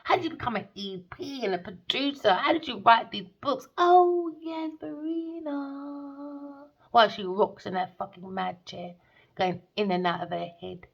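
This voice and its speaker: A woman's voice: mid-range voice, moderate pace, creaky, husky, dull audio. A woman doing a tarot reading as a scornful, sarcastic rant, swearing and calling people darling. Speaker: tarot reader.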